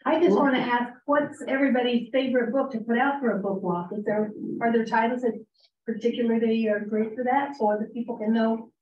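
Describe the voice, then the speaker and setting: Higher-voiced woman asking the group. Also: fairly even intonation, fairly quick. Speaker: chair of a reading organization. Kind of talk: casual group discussion. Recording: roomy, distant, dull, faint background hum.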